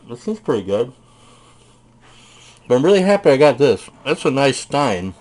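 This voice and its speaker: A man's voice: mid-range voice, big pitch swings, moderate pace, long pauses, a little mellow. A man casually showing off his purchases, talking in a chatty, rambling way. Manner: chatty, rambling, tells stories; eats while talking.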